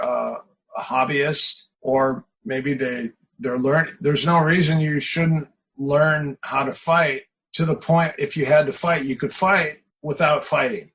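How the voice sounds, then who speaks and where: A man's voice: medium pitch, steady tone, slow, fairly bright tone, a little hiss or hum, rough recording. A middle-aged man, a martial arts coach, talking casually in an interview. He tells anecdotes with energy and repeats phrases for emphasis.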